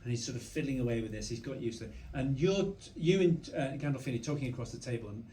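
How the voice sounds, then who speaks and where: A man's voice: medium pitch, fast. Man telling stories in an echoey hall. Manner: animated anecdotal storyteller, frequent restarts. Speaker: panel guest. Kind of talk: onstage conversation. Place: cinema auditorium before a live audience. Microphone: stage mic recorded from the audience. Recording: roomy hall sound with faint noise.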